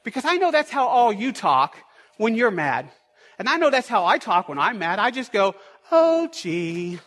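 A man with a strikingly high voice preaches to his congregation, his pitch swinging up and down as he builds his points. His emphatic, repeated phrases roll out into the long echo of a large church hall. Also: very animated, normal speed, bright, forceful tone. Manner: emphatic, repetitive preaching cadence. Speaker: pastor. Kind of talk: sermon. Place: church sanctuary.

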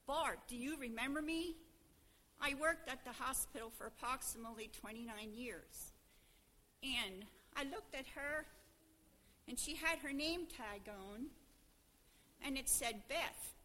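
A woman's voice: sits high, sharp tone, slight background noise. An older woman with a Pennsylvania Dutch accent gives a personal testimony to her church congregation, telling a homely story. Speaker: church member addressing the congregation. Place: church service.

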